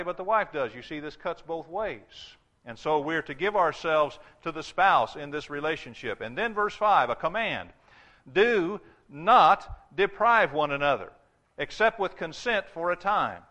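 Male preacher, somewhat high and bright, emphatic and repetitive in his sermon delivery. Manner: emphatic, repeats phrases, reads scripture slowly.

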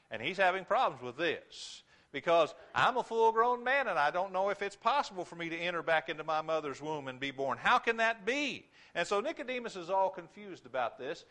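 Male preacher with a high, bright voice, emphatic, hammers key words in his sermon.

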